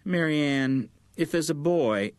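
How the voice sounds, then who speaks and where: Man putting on a high, fretful mom voice, fussy, anxious, pleading, storybook audiobook, dry close sound. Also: expressive, unhurried, no echo. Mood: scolding. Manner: fretful, pleading, easily tearful. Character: anxious, fussy middle-aged mother on the phone.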